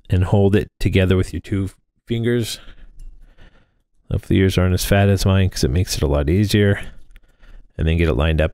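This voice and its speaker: A man in his thirties talks casually through a drone frame build, rambling with plenty of fillers and restarts. His low voice is warm, clear and resonant, captured on a close microphone in front of him with no echo and clean studio sound.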